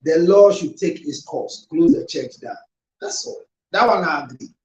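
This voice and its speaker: A man's voice: on the high side, animated, normal speed, lo-fi sound. A man hosting an advice talk show as counselor, explaining firmly what the law allows. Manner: firm, explanatory, advising. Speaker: counselor and host. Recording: echoey room with faint noise.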